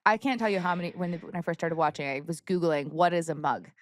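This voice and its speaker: A woman's voice: fairly low pitch, fast, no echo, clean studio sound. A woman from Canada co-hosting a podcast, curious and playful, asking about slang in a casual chat. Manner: curious, playful, asks questions. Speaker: podcast co-host.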